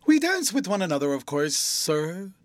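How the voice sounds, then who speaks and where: A man voicing a sweet, childish young schoolgirl who talks in a lilting, playful way with sudden high bursts. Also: very animated, normal speed, dry recording. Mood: girlish, playful.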